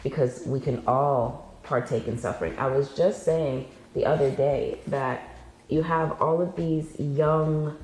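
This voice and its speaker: A woman's voice: extremely low pitch, steady tone, a little slow, darkish tone, roomy sound, poor audio. A woman speaking candidly and wryly in a conversation, laughing at her own jokes. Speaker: guest in a discussion video. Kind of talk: conversational commentary.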